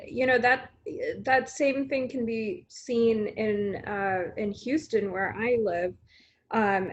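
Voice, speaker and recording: A woman hosting a video call panel as a news editor, talking in a conversational way with many fillers. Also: medium pitch. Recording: slightly dull video call audio.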